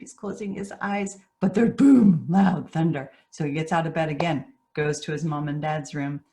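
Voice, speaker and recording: Middle-aged woman therapist, low voice, earnest training delivery. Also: darkish tone. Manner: earnest, teaching, acts out quoted voices. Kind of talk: training talk.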